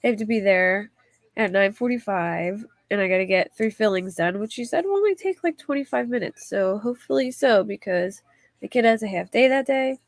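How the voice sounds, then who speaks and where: A woman's voice: medium pitch, expressive, brisk, no room sound. A woman hosting a casual livestream, chatting in a rambling way and reading viewer comments aloud. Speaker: livestream host.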